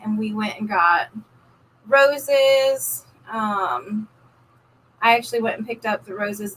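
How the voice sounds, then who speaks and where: Chatty bright-voiced woman storyteller. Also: fairly high pitch, distant mic, a little hiss or hum, poor audio. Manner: chatty, animated storyteller, many likes and ums. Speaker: co-host of a couple's live stream. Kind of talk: casual storytelling chat.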